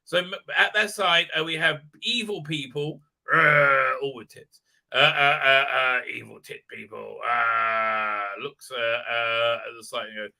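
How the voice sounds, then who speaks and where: Gravelly, sneering male streamer. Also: fairly even intonation, slow pace, bright, forceful tone. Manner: sneering, profane, mocks characters in squeaky put-on voices. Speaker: show host. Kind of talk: ranting live-stream commentary.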